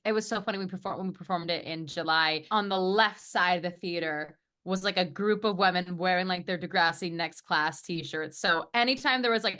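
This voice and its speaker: A woman's voice: on the low side, bright, forceful tone. A young woman in casual podcast chat, rambling with many restarts as she describes her work in a stage show. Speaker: cast member of the musical.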